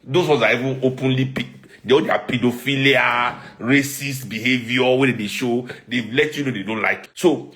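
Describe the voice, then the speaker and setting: A man's voice: medium pitch, moderate pace, fairly bright tone. A man with a Nigerian accent giving heated social commentary, rhetorical and emphatic.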